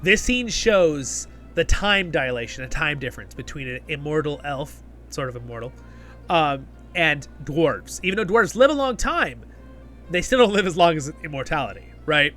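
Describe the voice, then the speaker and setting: A man's voice: a little high, lively intonation, moderate pace, sharp tone, soft background music. A man hosting a casual episode review, enthusiastic and rambling, often checking in with the viewer. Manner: enthusiastic, rambling, keeps asking "right?". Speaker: host of a fan review channel.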